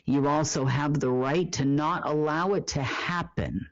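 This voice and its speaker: Solo report host: emphatic, self-answering questions, fillers; mid-pitched, dry and dull-sounding recording. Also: a little slow, no echo. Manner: asks rhetorical questions and answers them himself. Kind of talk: monologue report.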